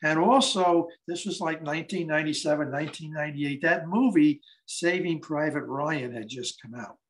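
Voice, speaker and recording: A man's voice: on the high side, moderate pace, rough recording. A man in his eighties, a guest speaker at a library event, telling stories conversationally and acting out the dialogue. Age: 80s. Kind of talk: storytelling talk.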